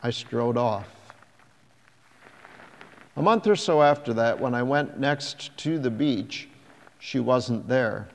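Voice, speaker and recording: A man narrates a first-person story in a measured, reflective manner, taking his time with each sentence. His voice is gravelly, with noticeable fry, and a long hall reverb hangs behind it. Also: mid-range voice, lively intonation.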